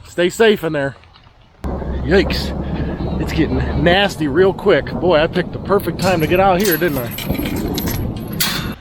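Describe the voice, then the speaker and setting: A man's voice: takes it slowly, long pauses, background noise. A man, casually vlogging outdoors on his farm, a bit out of breath as he hurries around and talks to his animals. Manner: talks to his goats, calls out to animals in a high voice. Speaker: homesteading vlogger.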